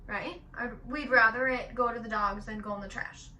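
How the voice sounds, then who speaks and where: Young Michigan mom vlogger, bright and bold, chatty and animated storyteller, recorded at some distance in an echoey room. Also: female voice, on the high side, normal speed, slight background noise. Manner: chatty, animated, swears casually. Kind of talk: casual storytelling while getting ready.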